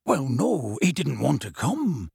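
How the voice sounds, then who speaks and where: A man voicing a huge, gentle half-giant man who is anxious and close to tears, speaking in hushed, earnest tones with rustic grammar. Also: medium pitch, lively intonation, slow, vocal fry, breathy edge, dry recording, full character voice. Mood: desperate.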